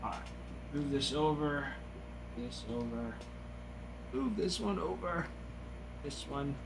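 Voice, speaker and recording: A man hosting a live trading card break, giving excited, gushing commentary as he reveals each card. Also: a little high, slow pace, creaky, noisy background.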